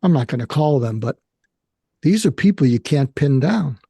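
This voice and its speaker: An older man with an American accent, a psychiatrist speaking candidly and haltingly about his own feelings in an interview. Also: mid-range voice, expressive, gravelly, dark tone, husky, no echo, clean studio sound. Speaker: guest, psychiatrist. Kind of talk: emotional personal conversation.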